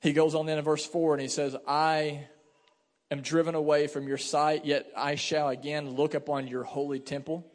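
Animated young pastor preaching in a hall. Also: male voice, fairly high pitch, moderate pace. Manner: animated storytelling with asides and fillers. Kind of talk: sermon. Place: church sanctuary. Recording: hall reverb.

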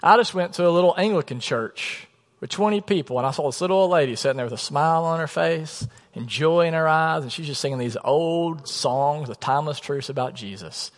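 A man in his thirties, a pastor, preaching a sermon in a chatty storytelling way, often dropping to a soft low voice for emphasis. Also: fairly quick. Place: church sanctuary. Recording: long reverb of a church hall.

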